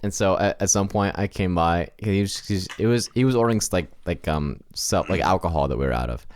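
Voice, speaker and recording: A man's voice: low voice, expressive, brisk, a little hiss or hum. A man co-hosting a casual podcast chat, telling rambling stories with lots of restarts. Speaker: podcast co-host.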